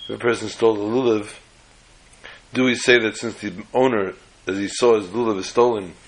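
A man's voice: fairly low pitch, fairly even intonation, brisk, slight background noise, poor audio. A man giving a Torah class lecture, explaining step by step and often restarting or rephrasing words mid-sentence. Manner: tells jokes as illustrations. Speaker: Torah teacher.

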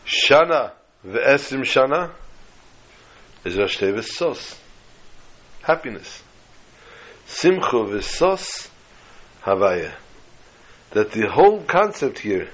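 A man teaching a Torah class, telling a story and drawing slow, emphatic lessons from the text. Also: medium pitch, a bit bright, breathy edge, rough recording. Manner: storytelling, acting out dialogue with slow emphatic phrases.

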